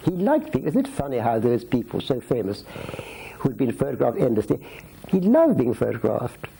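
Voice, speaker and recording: The speaker, a society photographer from Scotland in his eighties, rambles through long stories about his past while being filmed at home, with restarts and asides. His medium-pitched voice swoops wildly, creaky and dark, at a moderate pace. The audio is poor, with a little hiss or hum.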